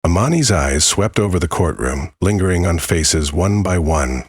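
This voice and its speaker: A man giving a measured, solemn scripted narration of a dramatic story. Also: deep voice, expressive, slightly rough, dry recording, clean studio sound.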